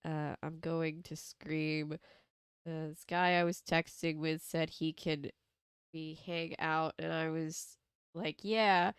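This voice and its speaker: A woman hosting a casual live stream, chatty and animated, greeting her chat, a little stuffy from allergies. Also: low-pitched, takes it slowly, clean tone, no room sound, clean studio sound. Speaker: streamer host.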